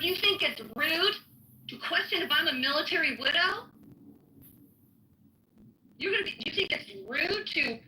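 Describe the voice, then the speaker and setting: Heated, profane woman with a bright voice. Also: sits high, echoey room, low-quality recording. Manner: angry, profane, rhetorical questions. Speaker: audio chat room participant. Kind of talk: heated rant.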